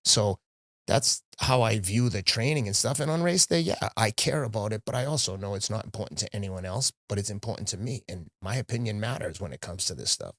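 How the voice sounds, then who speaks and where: With a lowish voice and a slightly fast pace, a middle-aged podcast guest who runs marathons chats casually in studio-quality sound without echo. He's a candid, lively storyteller, regularly acting out his own words to himself and others.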